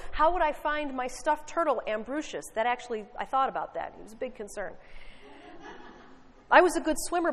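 A woman pastor preaching a sermon, telling a story with wry, conversational asides. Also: fairly high pitch. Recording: reverberant hall.

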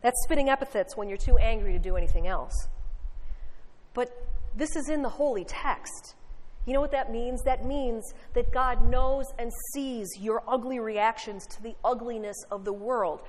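A woman's voice: fairly high pitch, moderate pace, slight background noise. A woman pastor preaching a sermon, telling a story with wry, conversational asides. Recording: reverberant hall.

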